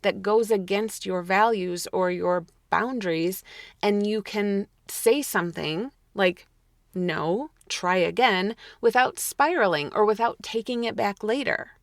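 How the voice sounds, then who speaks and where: Blunt, emphatic woman host, casual commentary, dry close sound, mid pitch. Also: a little slow, creaky, no echo. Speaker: podcast host.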